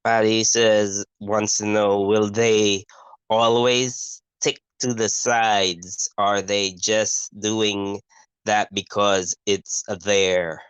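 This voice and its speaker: A man's voice: fairly low pitch, flat delivery, very slow, fairly bright tone, clear, resonant tone, no echo, rough recording. A man co-hosting a casual live stream, reading viewer comments aloud in an easygoing way. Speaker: co-host reading chat.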